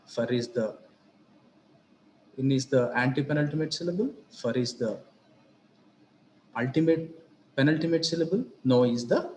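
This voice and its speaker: A man's voice: mid-range voice, darkish tone, slight background noise. Guy explaining syllable stress, says each example word twice, roomy echo. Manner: slow, deliberate, repeats example words for stress. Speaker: English teacher.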